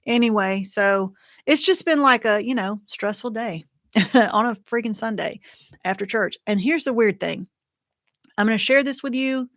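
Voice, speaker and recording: A woman's voice: on the high side, normal speed, fairly bright tone, dry recording, studio quality. A middle-aged woman hosting a livestream for widows, telling a long story in a rambling, chatty way full of fillers and restarts. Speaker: host of a widows' support livestream. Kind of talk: casual livestream chat. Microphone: computer or phone mic for a livestream.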